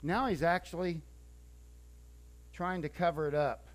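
A man preaching a sermon, telling the story in a lively, conversational way and acting out scenes, with a few stumbles and restarts. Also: on the high side, unhurried.

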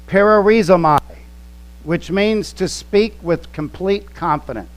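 A man delivering a sermon at a slow, deliberate pace, leaning hard on key words. His voice sits a little high for a man. A faint electrical hum runs under the recording. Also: low-quality recording. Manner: slow, emphatic teaching with quoted scripture and word studies. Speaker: pastor.

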